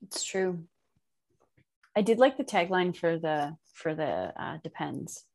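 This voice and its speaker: A woman's voice: on the low side, lively intonation, slow pace, a little mellow. A woman co-hosting a podcast in casual banter, dry and understated as she leads the questions. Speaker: podcast co-host.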